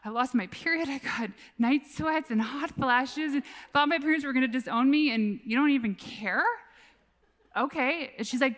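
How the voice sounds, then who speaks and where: A woman in her forties tells a personal story from a conference stage. Her voice sits a little high, and her delivery is candid and casual with free swearing. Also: normal speed, a bit bright. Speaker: keynote speaker.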